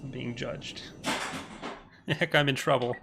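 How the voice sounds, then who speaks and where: A man's voice: mid-range voice, fairly even intonation, slow pace, vocal fry. A man co-hosting a gaming session, joking and rambling in a self-deprecating way. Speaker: gaming co-host. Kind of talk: casual gameplay chat. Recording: game noise behind voice.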